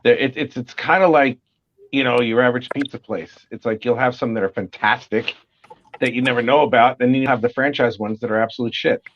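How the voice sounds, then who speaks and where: A man's voice: mid-range voice, brisk. Joking man with a Brooklyn accent. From Brooklyn, USA. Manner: animated, joking storyteller. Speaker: guest. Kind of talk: casual chat. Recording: lo-fi call audio with faint noise.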